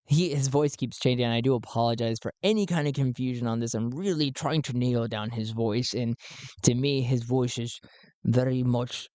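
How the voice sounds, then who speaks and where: A man's voice: medium pitch, moderate pace, darkish tone, dry recording. A man narrating and rolling dice in a solo tabletop game, thinking aloud and often restarting his sentences.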